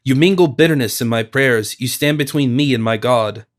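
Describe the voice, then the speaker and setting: A man's voice: medium pitch, moderate pace, close to an everyday voice. A man reading as a solemn young woman. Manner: firm, solemn. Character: solemn, dignified young woman, elder sister.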